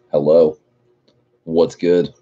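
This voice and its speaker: A man with a very low, warm, husky voice hosts a loose livestream, reading viewer comments aloud. He jokes around, swears freely and laughs a lot. The audio is dull and lo-fi. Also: little pitch movement, very slow. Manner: profane, joking, laughs often. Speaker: livestream host.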